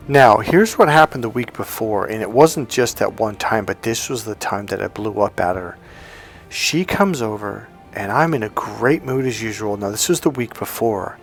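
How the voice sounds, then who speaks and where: Animated storytelling man coach. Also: medium pitch. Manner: animated storytelling, acts out both sides of a quarrel. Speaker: relationship coach. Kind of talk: casual monologue.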